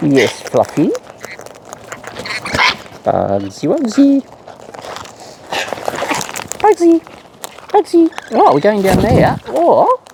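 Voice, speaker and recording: A man chatting to wild birds outdoors in playful baby talk, full of coos and silly nicknames. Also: fairly high pitch. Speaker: bird-feeding vlogger. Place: outdoors among wild cockatoos. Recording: noisy outdoor recording.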